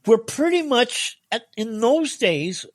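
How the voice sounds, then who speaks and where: A man as guest co-host in a casual history podcast chat, animated and chuckling mid-sentence. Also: extremely high pitch, slow pace, no echo, studio quality.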